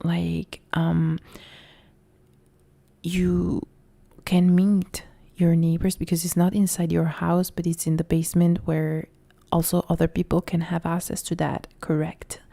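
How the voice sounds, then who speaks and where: A young woman from Italy with an Italian accent, softly whispering as she chats and answers viewer comments in a whispered role-play live stream. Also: on the low side, flat delivery, a little slow, vocal fry, no echo. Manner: soft whispered chat reading viewer comments.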